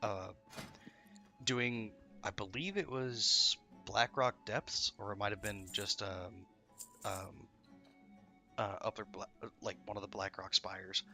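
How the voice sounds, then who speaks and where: A man's voice: lowish voice, steady tone, slow, bright, forceful tone, faint music behind. A man telling a story in casual chat, rambling with many fillers.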